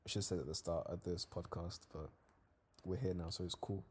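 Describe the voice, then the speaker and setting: A man's voice: low-pitched, a little fast, slightly rough. Young man telling stories. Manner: casual slangy storytelling, lively when reliving events. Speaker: podcast host. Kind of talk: solo podcast monologue.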